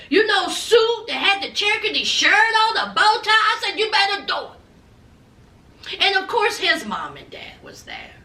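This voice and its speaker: A woman recapping a reality show in a sassy, animated gossip style, calling her viewers honey and child. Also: sits high, distant mic. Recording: echoey room, away from mic.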